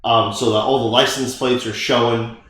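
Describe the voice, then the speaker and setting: A man's voice: mid-range voice, steady tone, normal speed, fairly bright tone. A man on a podcast telling a long casual story, full of fillers and restarts. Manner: rambling, many fillers, laughs often. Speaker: podcast co-host. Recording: echoey room.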